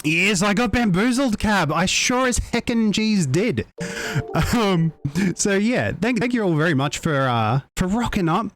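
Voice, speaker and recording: A young Australian man chatting excitedly on a live stream, giggling and tripping over his words. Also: high-pitched, unhurried, faint music behind. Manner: excitable, giggly, stammering restarts, mild faux swearing. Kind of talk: casual live-stream chat.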